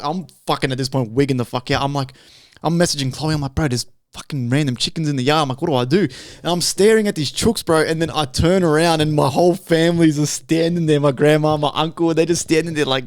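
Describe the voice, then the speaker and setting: A man's voice: on the high side, fast, no room sound, clean studio sound. A young man telling rambling, swear-filled stories on a casual podcast. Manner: rambling storyteller, heavy swearing. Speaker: podcast co-host.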